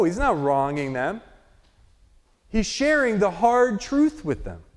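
A man delivers an expository sermon in an earnest, explanatory way, often stopping to pose rhetorical questions. His voice sits fairly high for a man. It carries the long reverb of a large hall. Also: a little mellow. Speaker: preacher.

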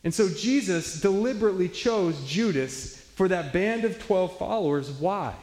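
A man's voice: high voice, animated, normal speed, a little mellow. Earnest male pastor preaching in an echoey hall. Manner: earnest, explanatory preaching with emphatic stresses. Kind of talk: expository sermon. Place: church sanctuary. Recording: echoey hall with long reverb.

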